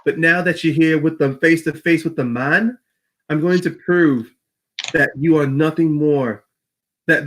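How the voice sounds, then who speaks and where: A man's voice: fairly high pitch, a bit bright. A man voicing a brash woman wrestling champion in a put-on Irish accent, delivering taunting trash talk.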